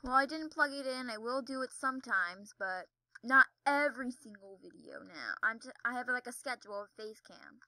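A woman's voice: fairly high pitch, animated, normal speed, pushed and bright, no echo, poor audio. A young woman giving chatty, giggly commentary while playing a video game, yelping when she falls. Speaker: gaming video creator. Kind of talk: casual gameplay commentary. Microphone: desk mic with audible keyboard.

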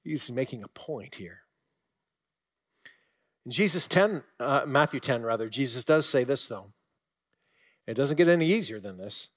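A male pastor giving a sermon, telling stories with animated emphasis and sudden drops to a quiet voice. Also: medium pitch, unhurried, long pauses.

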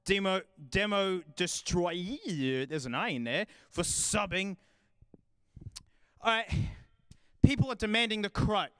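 A man's voice: high-pitched, very animated, unhurried, long pauses, a bit bright, no room sound. An Australian man hosting a live stream in a casual, joking and rambling way, laughing often and drifting away from the mic as he moves around. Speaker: livestream host.

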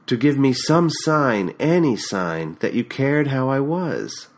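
A man reading an audiobook and voicing a bitter, scornful middle-aged woman who mocks and erupts into shouting, recorded on a USB condenser mic. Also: mid-range voice, big pitch swings, takes it slowly, exaggerated voice. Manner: sharp-tongued, mocking, erupts into shouting.

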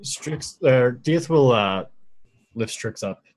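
Brisk man player at the table. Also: mid-range voice, lively intonation. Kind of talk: casual in-character play.

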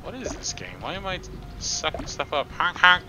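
A man's voice: on the high side, very animated, moderate pace, poor audio. A young man streaming a video game, chatting along in a goofy, playful way with silly riffs and honking noises. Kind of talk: live game commentary. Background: game music.

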